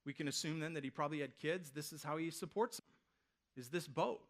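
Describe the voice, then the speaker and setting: A male pastor in his thirties delivers a sermon from a church stage, chatting with the congregation and throwing them rhetorical questions. His voice sits a little higher than most men's. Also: fast talker. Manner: conversational, animated preaching with rhetorical questions.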